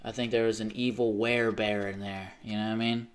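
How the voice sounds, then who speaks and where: A man's voice: lowish voice, flat delivery, fairly quick. A man chatting casually with his live stream chat while gaming, joking and sarcastic.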